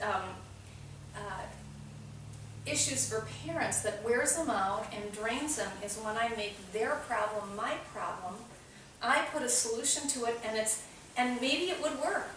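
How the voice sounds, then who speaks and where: Woman, storytelling group leader, echoey room from afar, noisy. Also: fairly high pitch. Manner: warm storyteller, acts out voices in the anecdote. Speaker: parenting class leader. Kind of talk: teaching a small group, storytelling. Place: meeting room with a small group. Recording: roomy, distant, noisy room recording.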